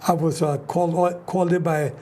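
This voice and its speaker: A man's voice: fairly high pitch, level tone, normal speed, dark tone, a little hiss or hum. An older man from New York hosting a talk show, telling rambling stories with many restarts. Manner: rambling, restarts often, storytelling. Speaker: host. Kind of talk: casual chat.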